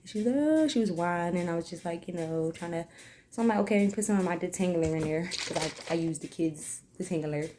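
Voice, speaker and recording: Low-voiced, rambling woman vlogger. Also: steady tone, fast, dark tone, slight background noise. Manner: rambling, filler-heavy, earnest. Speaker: hair vlogger. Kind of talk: casual chatty hair tutorial.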